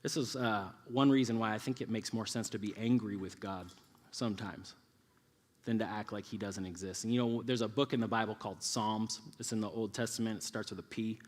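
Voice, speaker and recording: Preaching in a relaxed, conversational way, a youth pastor in his thirties acts out the voices he quotes. He speaks a little fast in a fairly low, steady voice, with live hall reverb around him.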